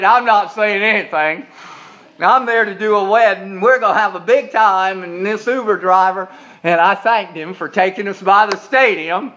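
A man preaching a sermon as pastor, shifting from loud, raised preaching to low, quiet storytelling. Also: moderate pace, dull audio. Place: church.

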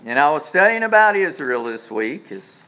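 A man preaching a sermon as pastor, swinging from quiet low asides up to emphatic high peaks, often restarting his phrases. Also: big pitch swings, moderate pace, poor audio. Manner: repeats words and restarts phrases while speaking.

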